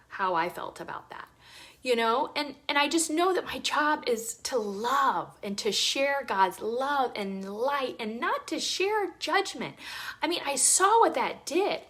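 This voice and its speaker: Young woman, a bit high, heartfelt faith talk and prayer, emotional, slips into whispers. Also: fairly bright tone. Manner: earnest, emotional, drops to whispers. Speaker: devotional vlogger. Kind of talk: personal faith reflection and prayer.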